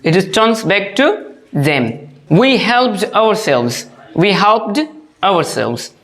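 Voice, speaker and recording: A grammar teacher giving a lesson to students, speaking slowly and repeating each phrase and example, often addressing them as dear students. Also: mid-range voice, very animated, a bit bright.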